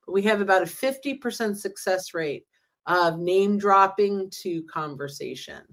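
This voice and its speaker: A woman's voice: medium pitch, moderate pace. Woman, sales trainer, enthusiastic, casual podcast chat, acts out example dialogue. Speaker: LinkedIn sales trainer, guest.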